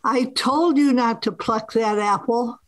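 A woman voicing a jealous, scolding God with a booming voice in a told story. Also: unhurried, natural voice, rough recording.

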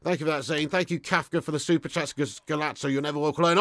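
A man hosting a live football watch-along, swearing freely, swinging between shouts and low mutters, and reading out viewer messages. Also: quick pace, few pauses, dry recording, clean studio sound.

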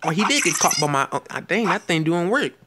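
A man giving excited live commentary while playing an online game, often out of breath and reacting loudly to each moment. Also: on the high side, fast, heavy background noise. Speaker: gaming channel host. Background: loud game music.

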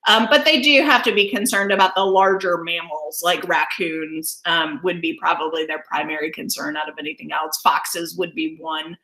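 A woman's voice: fairly low pitch, steady tone, moderate pace, few pauses, bright, forceful tone, echoey room. A woman wildlife educator giving an enthusiastic online presentation over a video call, often laughing as she explains.

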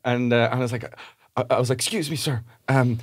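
A man's voice: mid-range voice, steady tone, a little fast, dry recording, studio quality. A young Irish man, a podcast co-host, telling a rambling anecdote with laughs and acted-out voices. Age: young adult. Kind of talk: casual chat, storytelling.

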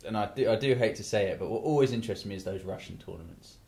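A man's voice: fairly low pitch, very fast, gravelly, a little mellow. A man hosting a casual talk show, rambling with many asides and restarts. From England. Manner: rambling, lots of "you know" and restarts. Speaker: podcast host. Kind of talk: casual chat.

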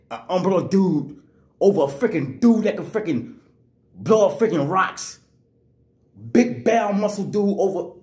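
A man's voice: on the high side, sing-song, moderate pace, dark tone, echoey room. Angry man ranting about football. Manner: angry, repetitive, slangy. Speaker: sports vlogger. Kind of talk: fired-up sports rant.

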